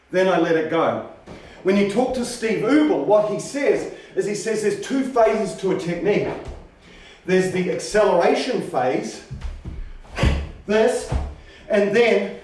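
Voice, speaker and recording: Guy teaching karate in a big echoey hall, slow steady talk, mic kinda far off. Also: high voice. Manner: demonstrative, shouts sharp counting calls. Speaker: karate instructor. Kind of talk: teaching a martial arts class. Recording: roomy training hall, voice from far off.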